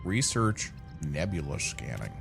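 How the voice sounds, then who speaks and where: Lively, low-voiced rambling male streamer. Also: unhurried, gravelly, over music. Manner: rambling, swears casually, talks to chat. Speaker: gaming streamer. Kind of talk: casual gameplay chat.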